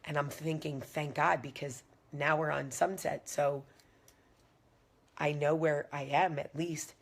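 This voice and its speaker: A woman in her thirties tells a personal story straight to her viewers. Her voice sits low, with a gravelly, husky edge. She acts out each person's lines as she retells what happened. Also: steady tone, measured pace. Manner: dramatic retelling with acted-out quotes, direct address to viewers. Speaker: vlogger telling a personal story. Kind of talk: animated storytelling to camera.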